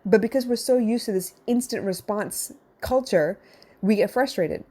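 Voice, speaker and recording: A woman's voice: mid-range voice, normal speed, mellow. A woman counselor hosting a podcast, giving blunt, direct advice to her listeners in a casual monologue with some swearing. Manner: conversational, addressing listeners directly.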